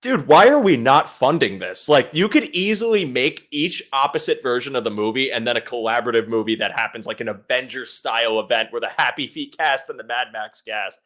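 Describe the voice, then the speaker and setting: A man's voice: medium pitch, lively intonation, a little fast, hardly any pauses, fairly bright tone. A young man hosting a podcast, chatting casually and laughing often as he bounces jokes back and forth. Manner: laughs often, easygoing banter. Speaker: podcast host. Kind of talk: casual chat.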